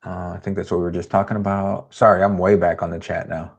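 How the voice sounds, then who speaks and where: A man's voice: low-pitched, little pitch movement, quick pace. A man hosting a casual livestream, talking in a loose, rambling way and reading viewer comments aloud. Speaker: host.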